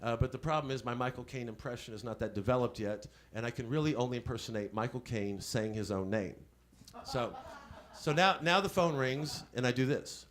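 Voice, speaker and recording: A male stand-up comedian on a comedy club stage, rambling with quick self-deprecating asides. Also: medium pitch, fairly bright tone, a little hiss or hum. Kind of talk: stand-up set.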